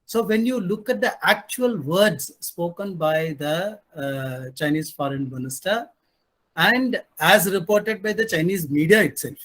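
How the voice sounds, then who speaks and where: A man's voice: high voice, a little slow, fairly bright tone. Male panelist with a slightly raised voice, pointed and wry in his delivery. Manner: emphatic, sarcastic, asks rhetorical questions. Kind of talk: panel discussion commentary.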